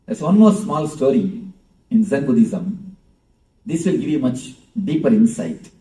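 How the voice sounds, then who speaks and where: A man's voice: medium pitch, big pitch swings, unhurried, mellow. Man, spiritual teacher in a live talk, playful and chuckling; roomy echo, mic far off. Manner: playful, chuckling, talks with audience.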